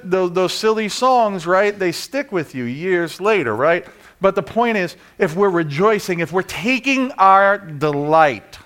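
A man preaching a sermon in church, talking to the congregation with rhetorical questions, singing bits of a hymn and moving from quiet to loud. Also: on the high side. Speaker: pastor.

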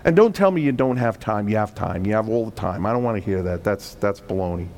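A man preaching a sermon as pastor, swelling from quiet, emphatic points into loud, urgent appeals. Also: on the low side, lively intonation. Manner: preaching with sudden swells of volume and emphatic slowdowns.

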